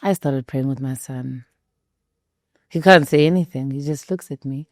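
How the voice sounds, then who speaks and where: A South African woman with a deep, low voice talks in an earnest, reflective way. Her tone is close and dry, like casual podcast chat. She sounds like a guest speaking thoughtfully. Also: moderate pace, a little mellow, dry recording. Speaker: guest, actress and mother. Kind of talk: casual conversation.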